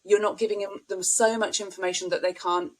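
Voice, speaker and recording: A woman's voice: medium pitch, fairly even intonation, a little fast, poor audio. A middle-aged woman, a speech and language therapist, explaining child language with anecdotes as a podcast guest. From United Kingdom. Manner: warm explanatory, models child talk with anecdotes. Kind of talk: podcast interview.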